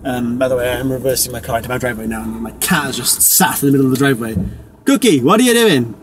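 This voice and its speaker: A man's voice: mid-range voice, little pitch movement, rapid-fire. A young man vlogging from his car, rambling and self-deprecating, with casual swearing. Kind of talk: casual driving vlog monologue. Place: inside a car while driving. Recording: car interior with road noise.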